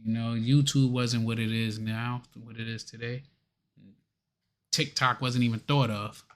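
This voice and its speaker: A man's voice: medium pitch, steady tone, measured pace. Laid-back slangy male co-host. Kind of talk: casual chat.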